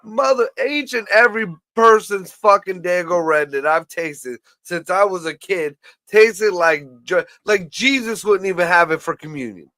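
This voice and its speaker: A man ranting and joking in casual profane chat, crude and animated, with lots of swearing. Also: sits high, moderate pace, hardly any pauses, no room sound. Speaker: podcast co-host.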